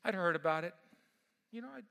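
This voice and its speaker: A middle-aged man, a pastor, preaching a sermon and telling a personal story in an animated way that swings between loud and hushed. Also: sits high, brisk, vocal fry.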